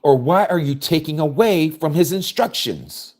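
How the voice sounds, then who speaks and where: Man preaching with a lively, animated voice. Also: a little high, moderate pace. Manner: forceful, preachy, rhetorical questions. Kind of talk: sermon reading and explaining scripture.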